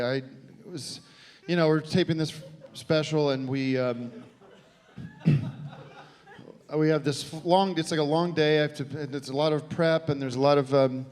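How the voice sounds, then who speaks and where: A man doing a live stand-up comedy set, telling a long deadpan rambling story with halting restarts. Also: a little high, smooth. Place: live comedy venue with audience. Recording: live show recording with faint crowd.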